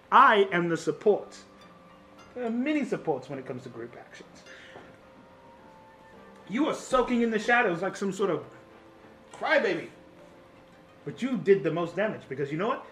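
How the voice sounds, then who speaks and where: A man voicing a boastful male fire genasi inventor and shopkeeper, pitching himself like a grand salesman. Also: fairly bright tone, heavily acted.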